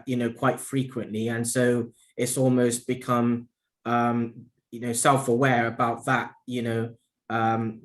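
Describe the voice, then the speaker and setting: A man interviewing a guest, hesitant with many ums and restarts. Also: medium pitch. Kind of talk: casual interview conversation.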